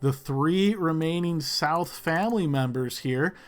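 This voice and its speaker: A man's voice: fairly high pitch, measured pace. A man narrating as game master for a tabletop role-playing game, describing scenes in a loose way with many fillers.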